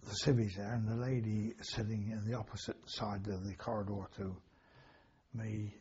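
A man's voice: lowish voice, level tone, moderate pace, darkish tone, husky, highs cut off. An older man, recalling wartime memories in a rambling, anecdotal way with chuckles and self-corrections. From England. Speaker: interviewee, war veteran. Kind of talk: oral history recollection.

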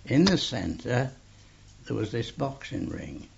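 An older man slowly telling an oral history story, full of fillers and a gravelly voice. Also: mid-range voice, big pitch swings. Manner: slow rambling storytelling with many fillers. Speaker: interviewee. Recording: dull lo-fi tape recording.

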